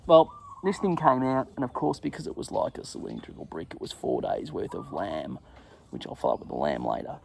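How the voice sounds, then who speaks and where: A middle-aged man hosting his own show, telling a crude, self-mocking travel story in a casual monologue and acting out his own shouts. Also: medium pitch, big pitch swings, brisk, gravelly, a little hiss or hum. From England. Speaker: podcast host.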